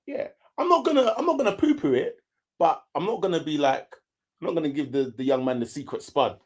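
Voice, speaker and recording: Man, co-host, casual chat, blunt and teasing, very lively pitch. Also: brisk. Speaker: co-host reviewing a reality show.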